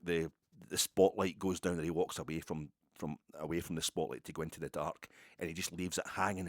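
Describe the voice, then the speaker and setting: A man's voice: sits low, no room sound, studio quality. A man hosting a football podcast, telling a long digressive story in a casual, chatty way with many restarts. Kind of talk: casual rambling monologue.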